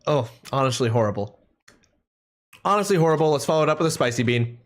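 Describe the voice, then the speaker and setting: Talking fast in an expressive mid-range voice, a man streams a game live and jokes with his chat in the gaps between play. Game music runs underneath.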